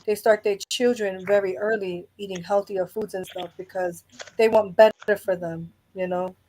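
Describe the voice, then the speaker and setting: A woman at a middle pitch talks in a relaxed, chatty way. She is a mother and a former caregiver, and she often lets her sentences trail off quietly. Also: moderate pace, slight background noise. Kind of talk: casual chat.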